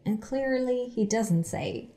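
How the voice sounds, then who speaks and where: A woman teaching English from sitcom clips, explaining phrases slowly and repeating them for learners. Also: fairly high pitch, dark tone. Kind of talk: explaining language lesson.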